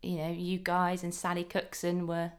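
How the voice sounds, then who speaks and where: A woman, talking casually as a guest on a podcast. Her voice sits on the low side for a woman. She tells stories about herself in a chatty, self-deprecating way. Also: completely flat delivery, moderate pace. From England. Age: 30s. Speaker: guest actor. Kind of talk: casual chat.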